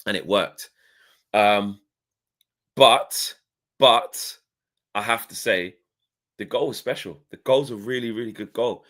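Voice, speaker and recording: A man's voice: lowish voice, takes it slowly, pauses often, a bit bright. A man co-hosting a casual football fan podcast, rambling through his points with lots of "you know" asides.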